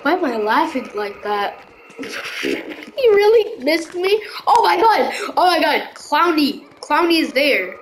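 A woman giving live gameplay commentary, excitable and slangy, often yelling reactions. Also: sits high, slow, a little hiss or hum, rough recording. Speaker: gaming video creator.

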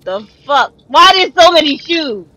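High-pitched excitable young woman streamer. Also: measured pace, dry recording, poor audio. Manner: excitable, cursing, yelling at the game; laughs nervously between jumps. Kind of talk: live gameplay commentary.

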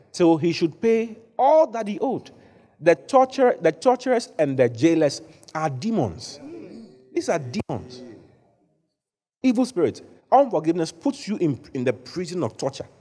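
Animated preacher man. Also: a little high. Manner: animated preaching, rising to shouts when acting out the story. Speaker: bishop preaching. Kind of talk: sermon.

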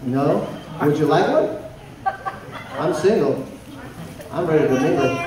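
A man doing stand-up in front of a live audience, teasing and chatting with the crowd in a loud, playful way. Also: a little high, animated, unhurried, recorded from a distance, very noisy. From El Paso, Texas. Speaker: stand-up comedian. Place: comedy show stage with a live audience. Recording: echoey live venue, mic from afar. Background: audience laughter and chatter.

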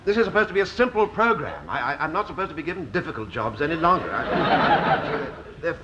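A man's voice: a little high, big pitch swings, fairly quick. An actor playing a dithering, stammering TV director in his late thirties in a 1960s sitcom. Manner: stammering, dithering, self-pitying. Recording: dull lo-fi 1960s TV soundtrack with hiss.

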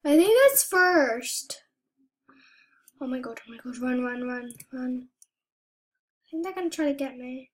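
A young woman giving soft-spoken, anxious commentary as she plays a video game. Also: high-pitched, moderate pace, long pauses. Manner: soft-spoken, often hushed, anxious chatter. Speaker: gaming YouTuber. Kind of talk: casual gameplay commentary.

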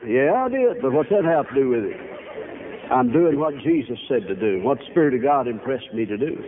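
An older man preaching a sermon, telling folksy, animated stories full of quoted dialogue. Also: mid-range voice, brisk, crowd noise. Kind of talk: storytelling sermon. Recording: tinny phone-like archive recording, faint hiss.

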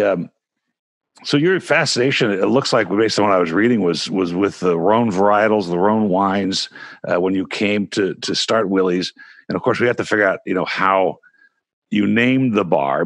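A man's voice: lowish voice, no room sound. A man hosting an interview, asking rambling, chatty questions. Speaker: host. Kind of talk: casual interview.

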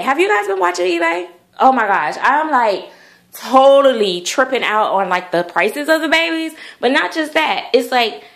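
A woman vlogger chatting casually to the camera in a rambling way, full of fillers. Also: a little high. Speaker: doll collector vlogger.

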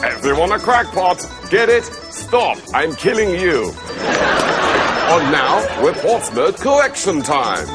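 A man's voice: a little high, sing-song, takes it slowly, pitched above the performer's own voice. A man playing a cheesy male Bavarian game show host who spouts corny catchphrases in sketch comedy. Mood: chirpy. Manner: corny catchphrases, chirpy showman patter. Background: music.

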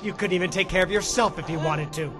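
A man's voice: fast talker, close to an everyday voice. An actor playing a vicious male drug boss who uses children, hurling threats and sneering. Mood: contemptuous. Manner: shouting threats, then low menacing sneer. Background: music score.

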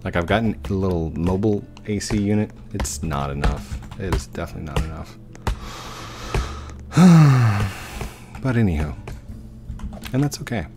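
A man's voice: deep voice, fairly quick, over music. A man casually chatting to viewers as he builds in a game, easygoing and talking to himself as he goes. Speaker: gaming YouTuber. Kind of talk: casual let's-play commentary.

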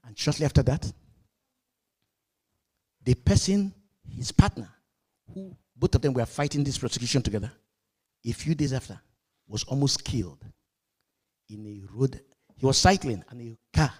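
Emphatic preaching man, higher voice. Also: breathy edge. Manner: emphatic preaching, rising to shouts; questions the congregation. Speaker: pastor. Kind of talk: sermon.

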